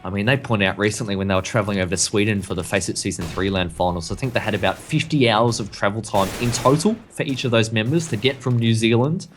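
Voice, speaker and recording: A man's voice: fairly low pitch, fast talker, hardly any pauses, faint music behind. A man casting an esports match in a chatty, self-deprecating way. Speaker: esports caster. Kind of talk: esports commentary.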